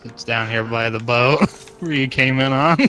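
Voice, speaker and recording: Slow-talking laid-back man gaming. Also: medium pitch, bright, forceful tone. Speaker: co-player. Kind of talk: casual gaming chat. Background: game music, keyboard typing.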